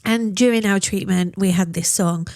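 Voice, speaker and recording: A woman tells her story as a mother in a podcast interview, her voice heartfelt and emotional, with pauses as she searches for words. She sits at a middle pitch, and the recording is dry and close with no room sound. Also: a little mellow, no room sound.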